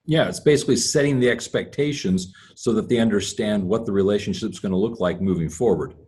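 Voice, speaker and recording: A man hosting a casual interview, relaxed and joking as he introduces and questions his guest. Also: fairly low pitch, brisk, slight background noise. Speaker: podcast host.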